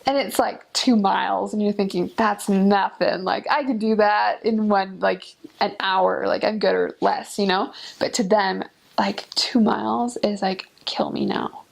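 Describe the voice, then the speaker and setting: A woman's voice: medium pitch, steady tone, unhurried, creaky. A woman chatting casually about culture, filling her talk with "like" and acting out what people say. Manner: chatty, many "like" fillers, acts out quotes.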